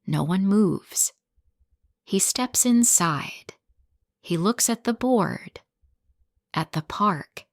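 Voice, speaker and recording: A woman narrating a simple graded-reader story in short, clear, deliberate sentences. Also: mid-range voice, animated, no room sound, clean studio sound.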